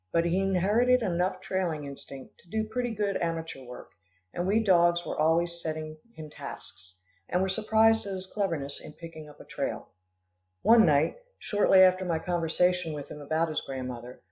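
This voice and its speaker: A man reads an audiobook aloud in a measured, expressive storytelling style. His voice sits somewhat high, and the recording sounds dull and lo-fi. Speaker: audiobook narrator. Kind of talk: audiobook reading.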